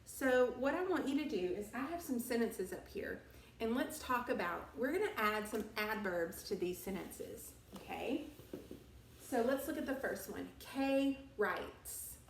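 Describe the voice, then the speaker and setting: A woman teaching an elementary school lesson for remote students, slow and patient, recorded on a tablet in a classroom. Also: a little high, expressive, recorded from a distance, a little hiss or hum. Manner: slow, patient, drawn-out instructional delivery. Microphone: tablet device recording. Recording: echoey room, voice off-mic.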